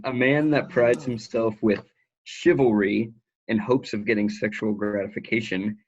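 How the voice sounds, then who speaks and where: Young man, laid-back podcast co-host, lowish voice, muffled lo-fi sound. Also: steady tone, normal speed. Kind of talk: casual podcast chat. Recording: dull lo-fi mic with faint noise.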